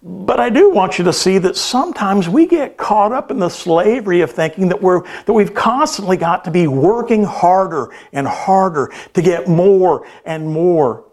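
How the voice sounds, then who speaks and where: A man's voice: high voice, expressive, moderate pace, few pauses, a little mellow. A male pastor preaching a sermon, telling a story earnestly with hesitant restarts.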